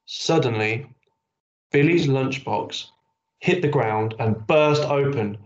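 A man reading a children's story aloud at a school assembly, slow and expressive. The sound is roomy and echoey, and a little dull, as if caught in a hall. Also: mid-range voice. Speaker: teacher leading assembly.

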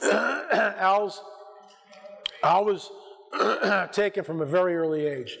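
An American man with a hoarse, strained voice, telling stories to a church audience as a conference speaker, acting out the dialogue and often restarting his sentences. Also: high voice, slow pace. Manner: animated, acts out dialogue, frequent restarts. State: hoarse, clearing his throat. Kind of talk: storytelling talk to a church audience. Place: church hall. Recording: long hall reverb.

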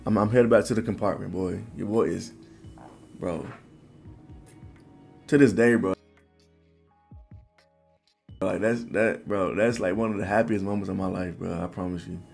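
Young guy vlogging, lowish gravelly voice, slangy and animated, keeps saying bro. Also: a little slow, pauses often, soft background music. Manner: animated, loose slangy talk full of "bro". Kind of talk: casual storytelling.

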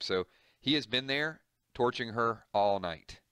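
A man's voice: medium pitch, animated, a little slow, bright, forceful tone, smooth, no room sound, studio quality. A man reading a comic book aloud and explaining it, moving from the panels to casual, serious commentary.

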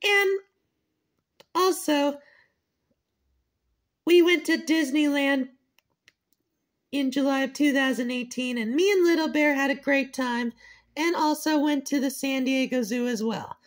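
A woman voicing a little girl bear cub who whines and pleads, in a fan-made cartoon. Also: sits high. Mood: chatty. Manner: whiny, pleading, quick to cry out.

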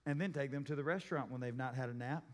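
Storytelling pastor in a reverberant church. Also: male voice, medium pitch, fast talker. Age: adult, a parent. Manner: conversational storytelling, acts out voices. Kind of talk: sermon. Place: church sanctuary. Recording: long church reverb, faint music.

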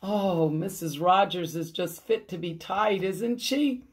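A woman pastor reading a picture book aloud for children's storytime, adding animated asides. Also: lowish voice, slow, a little hiss or hum. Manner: animated, chuckling asides to young listeners.

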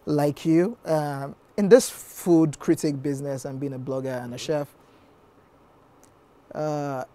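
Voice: mid-range voice, fairly even intonation, takes it slowly, mellow. A TV talk show host, playful and teasing, running the segment and signing off. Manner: playful, teasing, sign-off patter.

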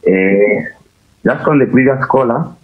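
Male caller on a tinny phone line. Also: medium pitch. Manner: halting, hesitant with many fillers. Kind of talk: call-in comment.

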